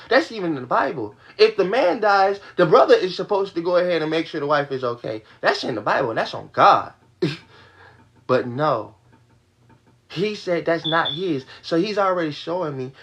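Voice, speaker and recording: A man's voice: high voice, animated, fairly quick, fairly bright tone. A young man venting to his livestream audience in a heated, profane rush, repeating his points. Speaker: livestream host. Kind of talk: venting to a live stream audience.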